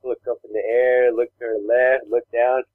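Male co-host, rambling storyteller, mid pitch, dry narrow phone-quality audio. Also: little pitch movement, normal speed, dry recording. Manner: rambling storyteller, acts out voices. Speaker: podcast co-host. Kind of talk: casual chat.

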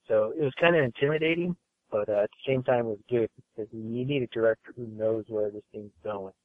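A man's voice: lowish voice, little pitch movement, brisk, no room sound. A man guesting on a podcast, talking loosely about his studio job with lots of fillers and restarts. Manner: rambling, filler-heavy, easygoing. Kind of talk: casual interview chat. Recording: phone-like call audio.

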